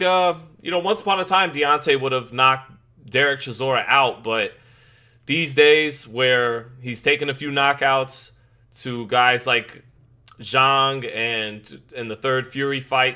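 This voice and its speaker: A man's voice: mid-range voice, sharp tone. A man in his thirties hosting a live boxing watch party, chatting casually and greeting viewers in the chat. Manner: chatty, greets chat members, frequent restarts. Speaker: live stream boxing host. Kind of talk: casual live-stream commentary.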